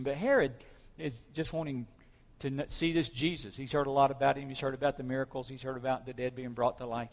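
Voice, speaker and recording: A man's voice: medium pitch, darkish tone. A man preaching a sermon, retelling a story dramatically with swelling emphasis. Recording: hall reverb.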